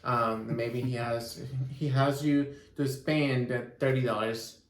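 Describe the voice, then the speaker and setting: A man co-hosting a vlog, reviewing his experience in a relaxed way, with frequent restarts and ums. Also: medium pitch, slow pace, reverberant, a little hiss or hum. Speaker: vlogger co-host. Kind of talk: casual chat review.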